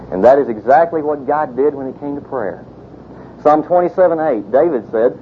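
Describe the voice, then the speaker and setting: In a sing-song voice at an ordinary speed, a man delivers a sermon like he's telling a casual story, sprinkling in plenty of "you know" asides and fillers. The recording sounds tinny, like a phone, with a vehicle rumbling underneath.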